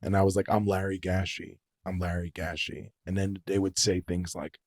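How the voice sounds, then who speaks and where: A young man on a podcast as the guest, telling stories in an animated, casual way and swearing freely. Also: deep voice, moderate pace, no room sound, studio quality. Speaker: podcast guest, singer-songwriter. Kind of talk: casual storytelling chat.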